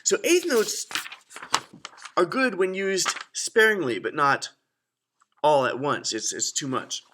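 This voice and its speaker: Upbeat man chanting rhythms, lively pitch. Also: slow. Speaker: music teacher. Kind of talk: children's music lesson.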